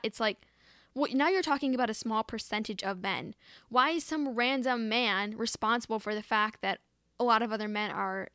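Young female podcast host, sarcastic and exasperated, restarts often, crisp voice. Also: on the high side, bright, forceful tone, no room sound, clean studio sound. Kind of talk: commentary reading tweets aloud.

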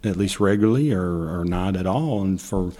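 A husky man telling folksy church stories, laughing often. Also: deep voice, moderate pace, dark tone. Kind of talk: casual storytelling.

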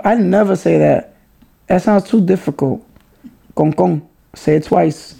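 A man's voice: high voice, a little slow, gravelly, warm tone. A young man from the Bronx hosts a casual solo podcast, chatty and playful, often correcting himself mid-sentence. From Bronx, New York. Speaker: podcast host.

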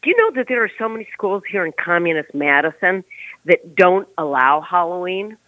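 A man's voice: high voice, expressive, moderate pace, sharp tone, no room sound. A man co-hosting a talk show, giving emphatic opinions in casual chat over a phone line.

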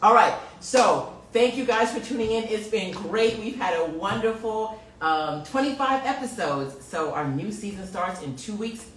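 Playful mom host, lively voice, set back from the mic in a roomy room. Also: female voice, mid-range voice, moderate pace, few pauses, recorded from a distance, a little hiss or hum. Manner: giggly and playful, apologetic. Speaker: podcast co-host, mother. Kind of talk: casual chat. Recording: roomy, off-mic with faint ambience.

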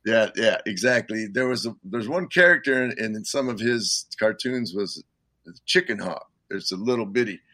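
An older man, a musician guest, telling rambling stories in casual talk, full of "you know" and quick laughs. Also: lowish voice, animated, pushed and bright, no room sound. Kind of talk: casual storytelling.

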